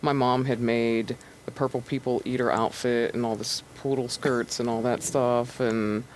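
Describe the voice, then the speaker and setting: A woman in her thirties from Pennsylvania, an actress being interviewed in casual chat, relaxed and quick to laugh. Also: extremely low pitch, a little hiss or hum, rough recording. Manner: relaxed, laughs easily, trails off. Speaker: actress guest.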